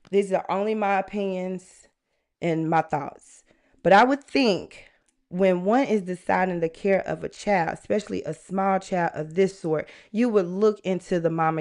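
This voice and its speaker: A woman's voice: lowish voice, darkish tone. A woman hosting a true crime live stream, talking earnestly and chattily straight to her viewers. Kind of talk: casual live-stream commentary.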